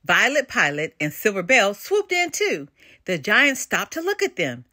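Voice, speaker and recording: An older woman reads a children's storybook aloud, full of expression. Her voice is bright and lively, a bit high for a woman, and recorded close and dry. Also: a little slow, no echo. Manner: expressive and animated. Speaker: storybook reader. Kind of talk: children's read-aloud narration.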